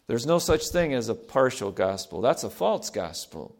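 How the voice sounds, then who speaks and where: A man's voice: mid-range voice, very animated, normal speed, gravelly. Man, middle-aged, preacher, sermon, emphatic, repetitive, call-and-response. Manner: earnest, emphatic, repeats key phrases, varies loudness widely.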